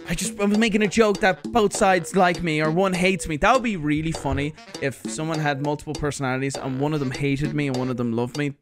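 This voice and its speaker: A young man, chatting casually on a livestream as he opens viewer parcels, animated and swearing freely as he reads letters aloud. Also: on the high side. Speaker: streamer host. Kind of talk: casual livestream unboxing chat.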